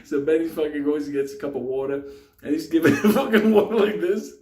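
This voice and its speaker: A man's voice: on the high side, quick pace. A man telling a wild story casually, laughing and swearing often as he goes. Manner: profane, laughing, animated storytelling. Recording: echoey room.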